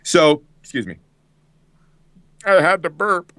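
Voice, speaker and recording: A man's voice: sits high, animated, slow pace, fairly bright tone, slight background noise. A male voice actor telling a rambling, profane anecdote as a podcast guest, laughing often. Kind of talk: casual podcast chat.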